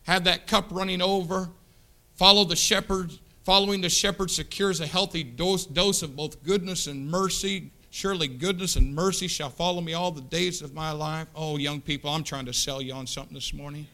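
A man in his fifties from the United States preaching a sermon, building to loud impassioned peaks and dropping to hushed asides. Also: on the high side, steady tone, normal speed. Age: 50s. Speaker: pastor. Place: church sanctuary.

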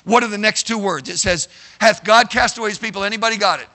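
High, bright-voiced male preacher. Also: fast. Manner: animated, addresses the room with frequent "okay?"; shouts for emphasis. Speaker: Bible teacher. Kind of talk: sermon. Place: room with a live audience.

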